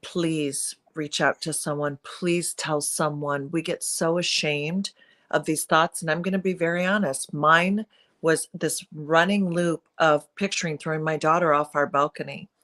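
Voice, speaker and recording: A woman's voice: low-pitched, steady tone, a little slow, a bit bright. A middle-aged woman speaking as an interview guest, earnest and confessional, with emphatic pleading moments. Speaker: guest, perinatal mood disorder speaker. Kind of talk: candid interview conversation.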